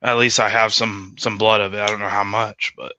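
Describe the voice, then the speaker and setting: A man's voice: fairly low pitch, level tone, a little fast, bright, forceful tone, no room sound. A man chatting casually as a guest, laid-back and hesitant, laughing a lot. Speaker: podcast guest. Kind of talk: casual chat.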